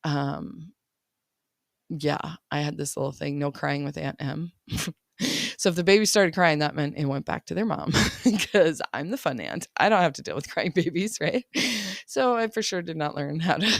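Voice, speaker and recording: A woman's voice: deep voice, lively intonation, moderate pace, vocal fry, pauses often, no echo, studio quality. A woman life coach talking casually in a chatty, laughing way, often checking in with "right?". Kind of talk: casual coaching podcast talk.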